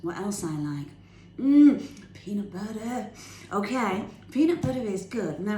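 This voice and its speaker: In a mellow, medium-pitched voice with lively intonation and a moderate pace, a woman offers her viewers casual healthy-eating tips. She's a fitness vlogger filming to camera in her kitchen at home, bubbly and enthusiastic, laughing while she talks. The space sounds echoey with faint ambience.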